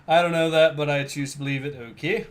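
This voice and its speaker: A man's voice: a little high, fairly even intonation, fast. A young man hosting a livestream in a casual way, reading viewer comments aloud with fillers. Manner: laid-back, reads viewer comments aloud with fillers and laughs. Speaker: livestream host.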